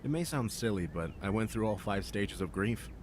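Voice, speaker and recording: A guarded former firefighter , voiced by a man, speaking bluntly and matter-of-factly in a game. His voice sits fairly low, with a faint hiss in the background. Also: expressive, moderate pace, a little mellow, close to an everyday voice. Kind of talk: game voice acting.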